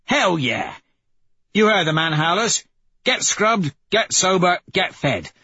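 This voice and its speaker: A man's voice: sits high, slow pace, husky, dry recording, highs cut off, pitched above the performer's own voice, full character voice. A man doing a brash, cocky young rebel leader. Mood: gleeful. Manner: loud, excitable and cocky.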